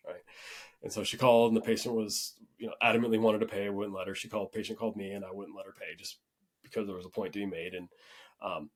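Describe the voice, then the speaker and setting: Podcast host, male, lowish husky voice, casual storyteller who rambles and restarts. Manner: relaxed, rambling with frequent restarts.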